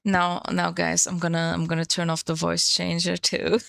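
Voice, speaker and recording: A woman's voice: fairly low pitch, monotone, normal speed, vocal fry, fairly bright tone, no room sound. A woman streamer chatting casually on a live stream, playful and swearing freely into a desk microphone.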